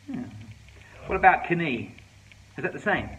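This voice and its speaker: A man's voice: a little high, very animated, slow pace. A man performing a comic magic show for children, playful and bumbling, talking straight to young viewers. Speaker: children's entertainer. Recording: slightly distant with faint background noise.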